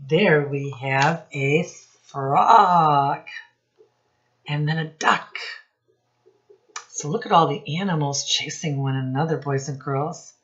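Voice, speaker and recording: A woman teacher reading a picture book aloud to young children, asking them questions in a slow, sing-song teacherly way. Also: low voice, fairly bright tone, dull audio.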